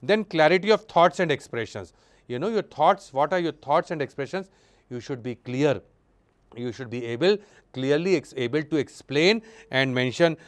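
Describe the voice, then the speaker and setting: A man giving a classroom lecture, expressive, shifting his pitch and loudness for emphasis and often repeating words and using fillers. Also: normal speed. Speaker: college lecturer.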